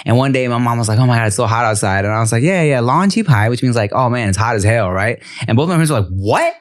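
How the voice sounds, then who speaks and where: A man's voice: mid-range voice, racing. A man hosting a podcast in casual chat, telling stories and acting out the dialogue in them. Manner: animated storyteller acting out dialogue. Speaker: podcast host.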